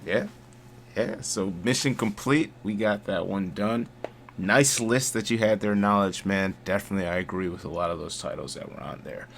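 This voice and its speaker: A man's voice: fairly low pitch, normal speed, gravelly, a bit bright, slight background noise. A man hosting a casual gaming podcast, easygoing and steering the talk with questions. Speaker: podcast host.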